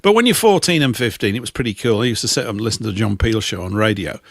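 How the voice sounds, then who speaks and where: A man's voice: fairly low pitch, animated, quick pace, creaky, no echo. Dry rambling middle-aged English man. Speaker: co-host. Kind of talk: casual chat.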